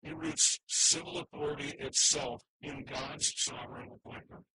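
A man's voice: mid-range voice, noisy background. A man preaching a sermon, earnest and emphatic, with frequent restarts as he works through scripture slides. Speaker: pastor.

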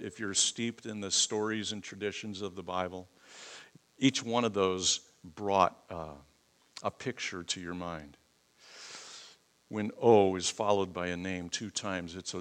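A middle-aged man preaching a sermon, swelling loud and high to stress points, leading prayer and teaching from the Bible. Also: fairly even intonation, measured pace. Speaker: pastor.

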